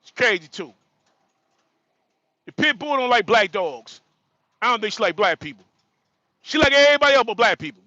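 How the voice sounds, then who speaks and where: High bright joking trucker man. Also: expressive, normal speed, long pauses, no echo, lo-fi sound. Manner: joking, repetitive, frequent laughter. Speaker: livestream host; truck driver. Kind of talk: casual livestream talk.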